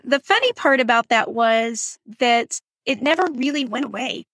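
A middle-aged Texan woman with a Texas accent tells a story on her podcast in a friendly, chatty monologue. Her voice is on the high side, a bit bright and expressive, at a normal speed, with no room sound.

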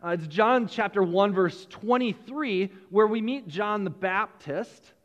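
A man preaching a sermon as pastor, animated, repeating words and chuckling between points. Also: high voice, a little slow, big-room sound, dull audio.

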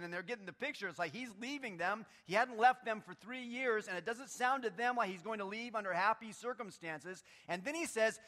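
Brief: high, bright-voiced male pastor, animated sermon with loud peaks and quiet stretches, talks back and forth with the room. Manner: animated, swinging between loud emphatic lines and quiet low ones; talks with the congregation, takes answers from the room.

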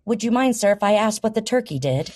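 A woman's voice: mid-range voice, animated, fast talker, a little mellow, pitched above the performer's own voice, lightly acted. Woman telling of a politely apologetic parrot. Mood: contrite. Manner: suddenly formal and apologetic. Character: polite repentant talking parrot, male.

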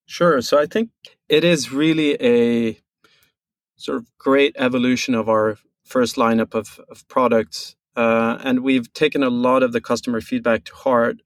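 A man from Norway with a Norwegian accent, a guest on a podcast who explains things in a measured way with many pauses and restarts. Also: mid-range voice, fairly even intonation, dry recording. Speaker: guest, brand co-founder. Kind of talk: casual podcast interview.

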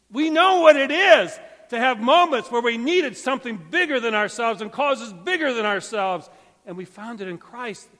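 A man preaching a sermon as pastor, emphatic and swinging between loud calls and hushed, quiet stretches. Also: high-pitched. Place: church sanctuary. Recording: long church hall reverb.

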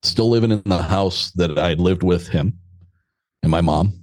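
A man's voice: low voice, moderate pace, a little mellow, no room sound. A middle-aged American man, a podcast guest, telling a story in a casual, blunt and joking way, with some mild swearing.

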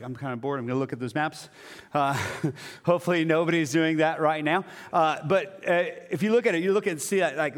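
Male pastor, conversational sermon delivery with quiet drops, light and high-ish voice, long reverb of a church hall.

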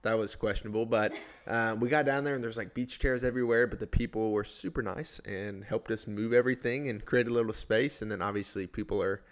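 A man speaking as a podcast guest in a relaxed, plain-spoken casual chat. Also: on the low side, a little fast, few pauses.

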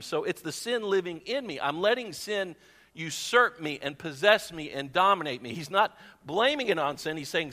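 A man preaching a sermon as pastor, in an animated, conversational way. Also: high-pitched, moderate pace, big-room sound.

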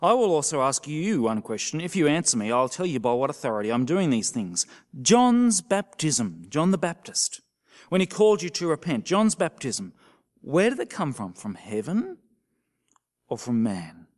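A male minister preaching a sermon, asking the congregation questions and dropping to a soft voice at times. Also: a little high, normal speed. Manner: animated, questioning the congregation with sudden soft drops.

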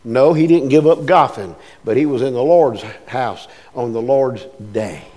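A man's voice: medium pitch, unhurried, warm tone, long reverb tail. A man preaching a sermon as pastor, folksy and emphatic, often calling out to his congregation.

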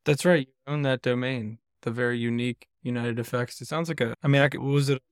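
A man's voice: mid-range voice, fairly even intonation, quick pace, no room sound, clean studio sound. A man hosting a casual podcast interview over a call, joking easily with his guest. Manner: jokey, easygoing. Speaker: podcast host. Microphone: remote call.

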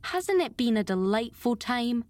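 A woman voicing an excited, imaginative young girl who speaks rapturously and with lofty dignity. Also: on the high side, measured pace, slight background noise.

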